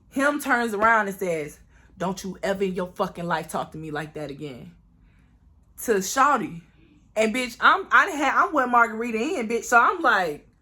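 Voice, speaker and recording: A woman from Florida spins a wild storytime for her viewers, loud and profane. She leans into asides to the audience and jumps high in pitch whenever she acts out what someone said. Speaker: vlogger. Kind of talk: storytime vlog, casual storytelling.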